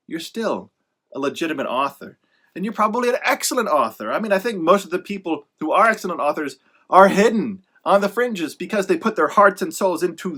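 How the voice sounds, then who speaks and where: Here a man with a fairly high, slightly bright voice plays the author handing out writing advice. It's casual and motivational, full of rambling and self-correction, emphatic and upbeat, with sarcasm slipped in on the side.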